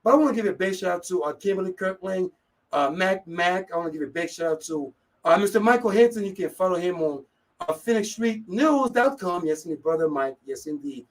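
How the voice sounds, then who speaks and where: A man with a high voice hosts a live radio talk show, upbeat and energetic as he talks to his listeners. He keeps coming back to the same catchphrase. He sounds like he is sitting back from the microphone. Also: fairly quick, distant mic, poor audio. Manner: energetic, keeps repeating "yes, indeed".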